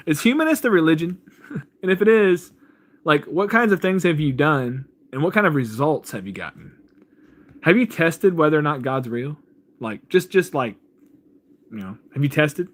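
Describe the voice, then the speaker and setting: A man's voice: a little high, fairly bright tone. A man hosting a casual livestream about faith, reading viewer comments and answering them. He rambles loosely, chuckles often and keeps saying "man".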